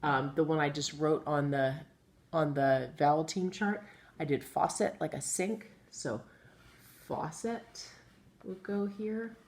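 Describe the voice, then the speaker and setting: A woman teaching a phonics lesson to young children, patient and encouraging, sounding out letters slowly. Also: low voice, darkish tone. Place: classroom with chalkboard. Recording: echoey room, faint ambient noise.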